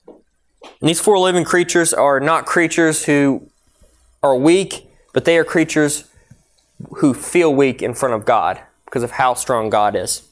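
A young adult man preaching a sermon, reading scripture aloud in an earnest, emphatic way. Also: on the high side.

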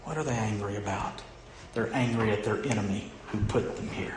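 Questioning pastor in an echoey hall. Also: male voice, on the low side, brisk, a little hiss or hum. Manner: asks the congregation questions, swings from loud emphasis to hushed. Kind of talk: sermon. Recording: echoey room.

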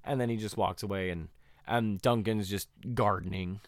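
A man co-hosting a podcast, retelling a show's plot in animated casual chat, often laughing. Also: fairly low pitch, normal speed, dry recording, studio quality. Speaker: podcast co-host. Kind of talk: casual chat recapping a show.

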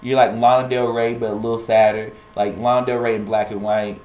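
A man's voice: on the low side, level tone, fairly quick, a little mellow, reverberant, slight background noise. A man co-hosting a casual music podcast, playful and jokey, often laughing as he talks. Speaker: podcast co-host. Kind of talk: casual chat.

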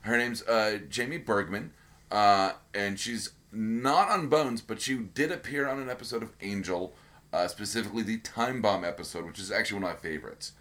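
A man's voice: on the low side, normal speed, a bit bright. A man co-hosting a casual podcast chat, rambling with lots of fillers and restarts. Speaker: podcast co-host.

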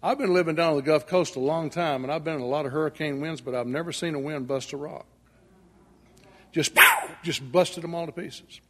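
A husky male preacher tells a scripture story in a folksy way and slips into the voices of its characters. His voice sits somewhat high for a man and rings with the long reverb of a big hall. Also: brisk. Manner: folksy storytelling, acting out dialogue. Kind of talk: sermon.

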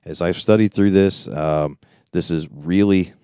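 A man's voice: low voice, unhurried, mellow, clear, resonant tone, no echo, studio quality. A man leading a Bible study, reading verses aloud and adding informal comments in a conversational way. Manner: reads scripture aloud then comments informally; conversational, with frequent restarts and asides. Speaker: preacher.

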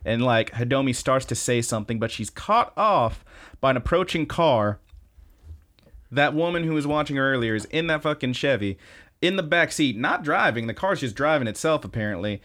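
A young man casually recapping an anime episode on a podcast, animated and swearing often. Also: normal speed. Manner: animated, swears often, mimics characters in high squeals. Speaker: podcast host.

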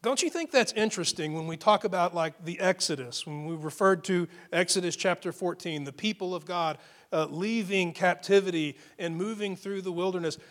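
A man preaching a sermon to his congregation, earnest, swelling into emphatic lines and dropping into soft asides. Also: high voice, moderate pace. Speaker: pastor.

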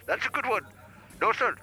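Brief: man as a sarcastic, bright-voiced support rep, deadpan. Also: high voice, husky, heavily acted, low-quality recording. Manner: deadpan, mock-polite. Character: sarcastic male tech support agent.

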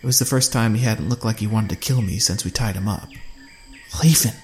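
A man narrating a first-person survival story in a steady, measured way. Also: fairly low pitch, a little hiss or hum.

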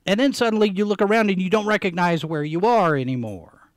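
A man's voice: high voice, fairly quick, no room sound. A man hosting a live podcast show, talking casually about the news, rambling and repeating phrases for emphasis with plenty of fillers. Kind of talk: casual live-stream commentary.

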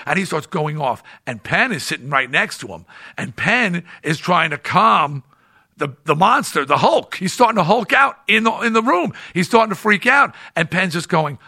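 A man hosting a podcast who tells stories casually in an animated, rambling way with lots of restarts. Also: sits high, moderate pace. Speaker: podcast host. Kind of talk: casual storytelling.

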